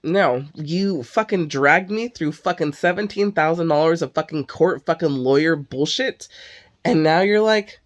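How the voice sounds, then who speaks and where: A woman's voice: low voice, animated, normal speed. Swearing, exasperated woman venting. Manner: heavy swearing, exasperated ranting; sighs and filler "like" often. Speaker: vlogger. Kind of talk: casual venting monologue.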